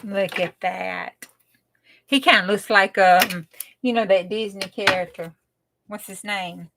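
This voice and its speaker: A woman's voice: mid-range voice, measured pace, gravelly, background noise. A woman chatting casually while she crafts, often dropping to a whisper. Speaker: craft channel host.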